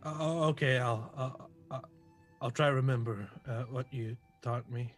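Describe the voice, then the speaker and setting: A man's voice: mid-range voice, normal speed, faint music behind. A man playing in a tabletop game, hesitant and bargaining over his dice rolls. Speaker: player. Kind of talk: casual tabletop chat.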